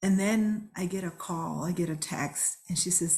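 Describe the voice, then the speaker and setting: A woman with a somewhat low voice gives a webinar talk. She tells her stories in an earnest, reflective way. She speaks over a video call. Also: moderate pace, a little mellow. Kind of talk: storytelling talk.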